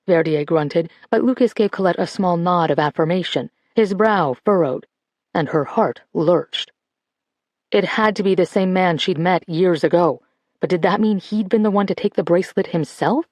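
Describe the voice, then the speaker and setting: An audiobook narrator reading a novel in steady scripted narration. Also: mid-range voice, normal speed, dry recording.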